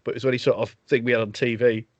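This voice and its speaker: A man's voice: medium pitch, little pitch movement, very fast, no echo, dull audio. A man, a podcast co-host chatting casually with many hesitant fillers and laughs. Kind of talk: casual chat.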